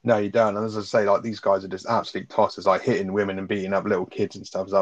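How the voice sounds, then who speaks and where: A man co-hosting a casual film review podcast, blunt and profane with quick asides. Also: low voice, little pitch movement, no room sound. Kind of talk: casual sweary film chat. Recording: dry, dull lo-fi sound.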